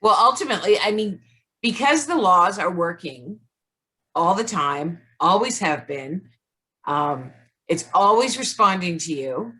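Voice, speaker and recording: Woman, very deep voice, reflective, casual self-help talk, video call. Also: expressive, measured pace, sharp tone. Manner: reflective, says "like" often. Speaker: co-host.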